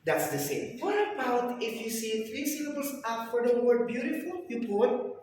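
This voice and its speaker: A man's voice: very high voice, animated, normal speed, darkish tone. Male teacher, strict classroom driller, captured far off in a very echoey room with faint background noise. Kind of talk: classroom grammar lesson. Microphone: camera at a distance.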